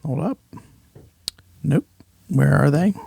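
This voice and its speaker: Guy with a gravelly rough voice walking through his screen on a podcast call, dry close sound. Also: on the high side, slow pace, mellow, no echo. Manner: explains while walking through a shared screen. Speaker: podcast co-host. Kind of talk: casual business podcast discussion.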